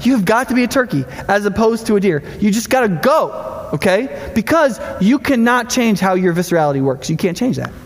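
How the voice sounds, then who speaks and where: A middle-aged male pastor preaching a sermon in a lively, conversational way, full of rhetorical questions. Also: sits high, fairly quick, few pauses, long reverb tail.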